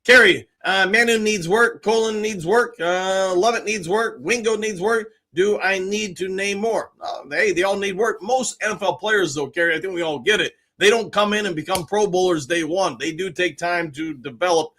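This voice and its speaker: A man hosting a fan live stream, chatting casually and reading viewer comments aloud with greetings and quick replies. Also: high voice, pushed and bright.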